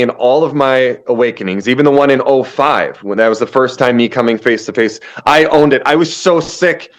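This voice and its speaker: A man speaking as a shaman guest in an interview, emphatic and preachy, often restarting his sentences. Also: mid-range voice. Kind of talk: spiritual interview talk.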